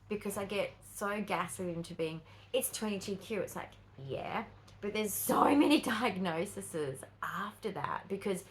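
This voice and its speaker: A woman's voice: medium pitch, fairly bright tone, slight background noise, low-quality recording. An Australian woman chatting casually to her camera as she walks around her home, rambling with fillers and asides. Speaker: vlogger. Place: at home, walking between rooms.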